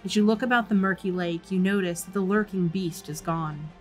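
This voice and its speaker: A woman narrating a folk horror tabletop game as dungeon master, describing scenes calmly. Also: mid-range voice, brisk, soft background music.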